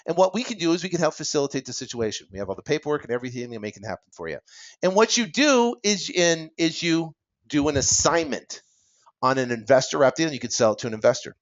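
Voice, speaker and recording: A man teaching real estate investing in an energetic, worked-up way, acting out talks with sellers and tossing in "right?" asides. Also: fairly high pitch, lo-fi sound. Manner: fast, animated, acts out seller dialogue, many "right?" asides.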